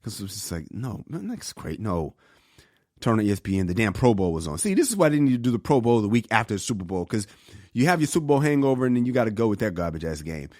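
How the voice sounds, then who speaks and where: A man co-hosting a podcast, telling stories in a casual, animated way and acting out the voices of the people in them. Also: lowish voice, fast talker, no echo, clean studio sound. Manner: animated storyteller, acts out voices. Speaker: podcast co-host and comedian. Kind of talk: casual storytelling chat.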